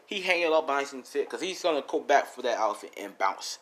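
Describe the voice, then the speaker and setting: A man's voice: medium pitch, expressive, fast talker, few pauses, fairly bright tone, a little hiss or hum. Rambling, slangy young male storyteller. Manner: rambling, slangy, swearing, self-correcting. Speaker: YouTuber storyteller. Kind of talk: casual improvised fan-fiction storytelling.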